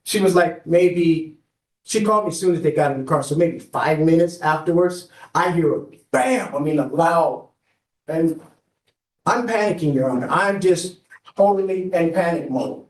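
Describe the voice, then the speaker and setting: A defendant in court, this man pours out his account in an anxious, rambling stream and keeps turning back to the judge. His voice sits a little high for a man. He is picked up from a distance, and the courtroom echo hangs around every word. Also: normal speed. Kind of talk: courtroom testimony. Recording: echoey courtroom, far from the mic.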